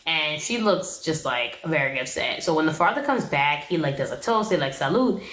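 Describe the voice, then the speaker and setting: A woman's voice: low voice, animated, normal speed, fairly bright tone, reverberant, slight background noise, poor audio. A young woman giving a casual, opinionated recap of a reality show in a slangy, chatty way.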